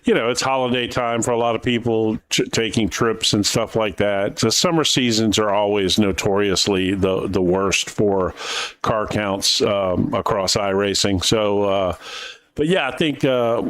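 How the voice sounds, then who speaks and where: Low-voiced American man, laid-back broadcast chat. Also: unhurried, clear, resonant tone. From United States. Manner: relaxed, rambling, with many fillers and self-mocking jokes. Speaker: sim racing broadcast co-host. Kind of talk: casual live race-broadcast chat.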